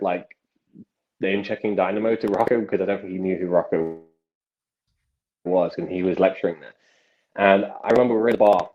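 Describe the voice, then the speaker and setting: Deep-voiced young man, telling stories. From England. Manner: animated anecdote-telling with many restarts. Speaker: magician guest. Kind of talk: casual podcast storytelling. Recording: dull lo-fi sound.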